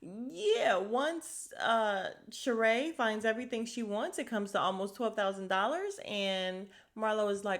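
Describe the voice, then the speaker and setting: A young woman chatting casually as she recaps a reality show, gossipy and quick to laugh. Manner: chatty and gossipy, laughs often, lively pitch swings.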